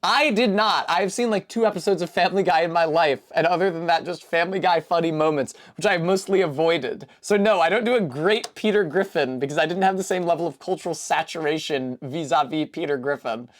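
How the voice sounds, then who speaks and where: A woman's voice: lowish voice, a little fast, few pauses. A young woman from Rhode Island chats loosely on a live stream. She rambles from tangent to tangent, curses casually and makes fun of herself. She answers viewers' messages as they come in. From Rhode Island, USA. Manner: rambling, profane, self-deprecating; reads out and answers chat messages.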